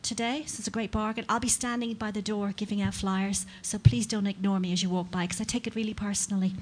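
A woman's voice: medium pitch, steady tone, quick pace, a little mellow. A woman performing a stand-up comedy set, sardonic and mock-outraged, building into rants.

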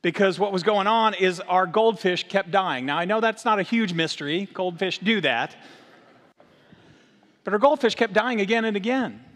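A middle-aged man, the lead minister, giving a sermon that mixes Bible reading with lively family stories. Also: sits high, moderate pace. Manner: animated when telling stories, earnest in prayer. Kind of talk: sermon with storytelling. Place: church sanctuary. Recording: long hall reverb.

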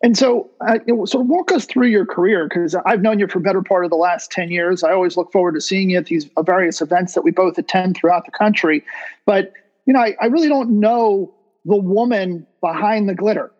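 A man hosting an interview show, talking in a relaxed way with plenty of "you know" and "uh". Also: high voice, brisk, dull audio. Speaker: podcast host.

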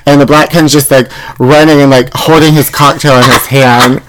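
A man's voice: mid-range voice, steady tone, normal speed, background noise. Campy gossiping male podcast host. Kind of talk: casual chat.

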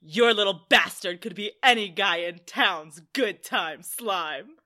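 A woman's voice: mid-range voice, slow, sharp tone. A woman voicing an angry, abusive teenage boyfriend, reading his lines aloud from a book in a mock-dramatic way. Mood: sneering.

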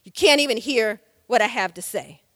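Lady doing a desperate young guy, loud and pleading, keeps repeating himself, long hall echo. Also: high-pitched, big pitch swings, brisk, studio quality, exaggerated voice. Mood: angry. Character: desperate young man with a felony record.

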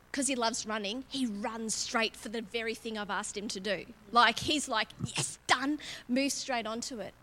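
A woman delivers a conversational church sermon in a bright, fairly high voice. She is candid and self-mocking and breaks into laughter often. Her tone moves between easy chat and earnest testimony. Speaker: preacher. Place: church auditorium.

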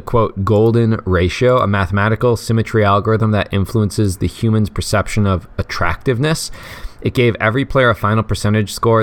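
Low smooth-voiced man chatting. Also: a bit bright. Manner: chatty, joking, many fillers and restarts. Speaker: podcast co-host. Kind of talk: casual chat about fantasy football.

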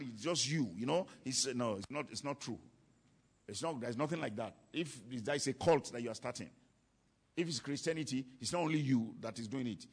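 Man, preacher, sermon, emphatic, repeats lines, raspy, breathy. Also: fairly high pitch. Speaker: preacher teaching on ministry.

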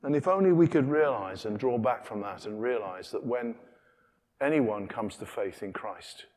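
A man preaching a sermon, conversational and animated, often asking rhetorical questions. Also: medium pitch, normal speed. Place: large church. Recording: long reverb of a large church.

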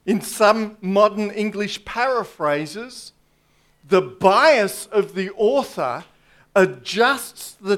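A man preaching a sermon to a congregation, slow and deliberate, with dry asides. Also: high-pitched, fairly bright tone. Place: church congregation.

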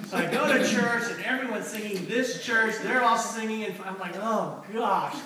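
High-voiced guy preaching, chatty sermon, far off in a big echoey church, people murmuring back. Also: fairly quick, crowd noise. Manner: conversational, asks the room for responses. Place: church hall with congregation.

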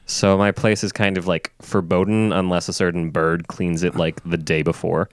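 A man's voice: sits low, flat delivery, moderate pace, no echo. A man co-hosting a podcast, rambling through casual stories with frequent restarts. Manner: rambling, stumbles over words. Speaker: podcast co-host. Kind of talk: casual chat.

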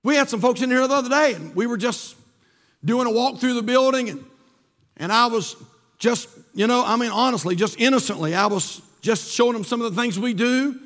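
A man preaching a sermon with fervent energy, his voice sitting strikingly high for a man. He rattles off scripture and throws rhetorical questions at the congregation. The sound carries a long reverb from a large church sanctuary. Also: a little fast, fairly bright tone. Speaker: pastor.

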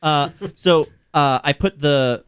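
A man's voice: on the high side, slow pace, a bit bright, smooth. A man co-hosting a casual podcast chat, laughing often and reading a listener's email aloud. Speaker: podcast co-host.

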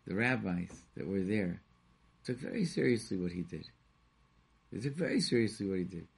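A man's voice: on the low side, creaky, husky. A man from Rochester, New York, telling stories in a casual talk show conversation and acting out the people he quotes. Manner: animated storyteller, acts out quoted voices.

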